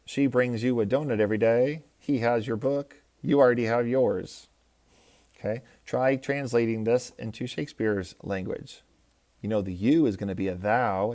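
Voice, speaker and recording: Male teacher, fairly low voice, patient explainer walking students through examples. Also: a little mellow. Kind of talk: recorded classroom lecture.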